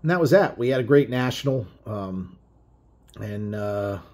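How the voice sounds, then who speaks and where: A man's voice: fairly low pitch, lively intonation, a little slow, a little mellow. A middle-aged man telling a road story in a blunt, profane, rambling way, full of fillers. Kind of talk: casual spoken storytelling.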